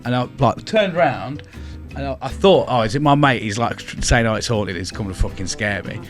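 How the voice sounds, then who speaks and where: Young English guy, podcast co-host, animated and sweary storyteller, mid-pitched voice. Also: fairly quick, soft background music. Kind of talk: casual storytelling chat.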